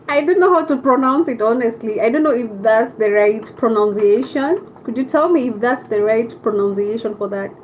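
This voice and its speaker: Kenyan woman, live-stream host, casual chat, answers viewers, fairly high voice. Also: animated, unhurried, a little hiss or hum, rough recording. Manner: chatty, answers viewer comments aloud.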